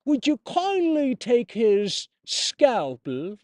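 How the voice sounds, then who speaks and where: Man doing a mock British accent, pompous undersea city founder, slow drawn-out grandeur, dry close sound. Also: very high voice, wildly swooping pitch, a little mellow, dry recording, voice pushed up, heavily acted. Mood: grandiose. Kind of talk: mock impression in a live stream.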